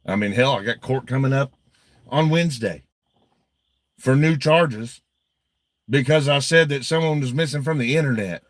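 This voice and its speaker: Guy ranting on his stream, swears a lot, blunt, mid pitch, dry close sound. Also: normal speed, pauses often, dry recording. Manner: blunt, heavily profane, agitated. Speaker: livestream host reading viewer donations. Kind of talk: casual livestream chat.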